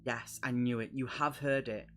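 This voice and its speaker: A man voicing a calm, eerie male camper in a dark forest, his small voice trailing off at the ends of lines. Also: medium pitch, moderate pace, lightly acted. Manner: small voice that falls eerily. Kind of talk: gamebook read-aloud.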